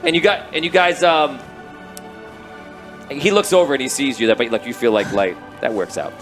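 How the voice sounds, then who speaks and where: A man narrating a tabletop game as game master, telling the scene in a rambling, animated way. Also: mid-range voice, moderate pace, faint music behind. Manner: rambling, animated storytelling with restarts.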